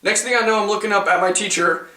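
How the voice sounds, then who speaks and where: A man's voice: high-pitched, fairly even intonation, fast, pushed and bright, far from the mic. A young man vlogging, telling stories in a dramatic, profane, self-mocking way. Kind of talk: casual storytelling vlog. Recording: roomy, off-mic, music behind.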